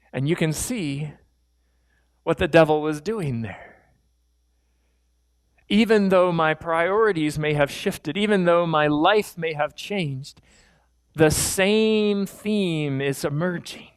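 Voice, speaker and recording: A middle-aged man preaching in a church, his voice sitting a little high for a man. He tells stories about himself with candid, self-deprecating humor. The sound is dry and close, with no room echo. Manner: candid, self-deprecating storytelling with quick laughs. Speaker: pastor. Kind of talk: sermon with personal storytelling. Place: church sanctuary.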